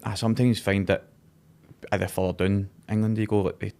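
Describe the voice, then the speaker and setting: A man with a low voice who talks quickly, rambling through self-mocking stories. It is relaxed studio podcast chat among friends. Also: gravelly. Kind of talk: casual chat.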